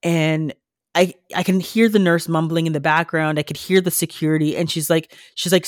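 A woman nurse on a podcast, telling a story in a lively way and acting out the lines of the people in it. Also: low-pitched, normal speed, no echo, studio quality. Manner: animated storytelling, acting out quoted dialogue. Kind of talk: casual podcast conversation.

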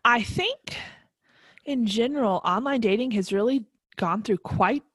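A woman, co-hosting a casual podcast, upbeat and quick to laugh. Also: a little high, a bit bright, no room sound. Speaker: podcast co-host.

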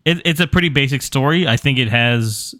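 A man's voice: mid-range voice, brisk, fairly bright tone, no room sound, studio quality. A man co-hosting a movie podcast, joking and teasing with profanity. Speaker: podcast co-host. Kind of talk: casual movie review chat.

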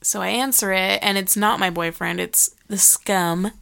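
Podcast guest: woman with a smooth, clear voice, middle pitch, talks bluntly with lots of swearing. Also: fairly even intonation, moderate pace, a bit bright. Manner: blunt, heavy swearing, quotes herself dramatically. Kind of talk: casual storytelling.

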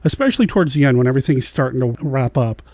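A man's voice: mid-range voice, expressive, a little mellow, no echo. Man with a dry, close voice. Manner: measured, speaks to listeners directly. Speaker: podcast co-host. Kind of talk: casual film discussion.

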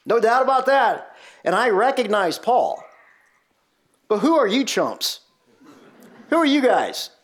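A man's voice: very high voice, very animated, a little slow, long pauses, pitched above the performer's own voice, heavily acted. A man voicing a mocking evil spirit that taunts a group of exorcists.

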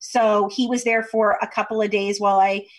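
A woman's voice: mid-range voice, level tone, normal speed. A woman from Kentucky, a podcast guest, chatting over a video call in a chatty storytelling way with many fillers. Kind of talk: casual interview chat over video call.

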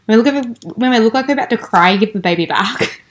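A woman's voice: fairly high pitch, animated, racing. Young woman podcast cohost, chatty, laughs a lot, does little voices when she retells stuff. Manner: chatty, laughs often, acts out quoted lines. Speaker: podcast co-host. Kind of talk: casual chat.

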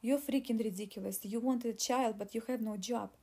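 A woman's voice: on the high side, fairly even intonation, a little fast, creaky, husky. A woman voicing an angry, nervous male attorney who screams insults in an audiobook reading. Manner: loud, insulting, desperate.

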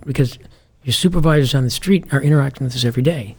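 Male ex-police commander, raspy voice, lively storyteller who acts out the dialogue. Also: mid-range voice, fast talker. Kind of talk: anecdotal interview storytelling.

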